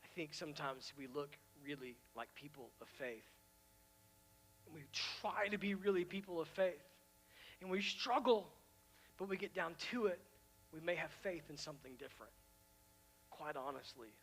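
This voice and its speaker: A man pastor preaching a sermon, emphatic and repetitive, swinging from hushed asides to loud declarations. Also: a little high, lively intonation, moderate pace, husky.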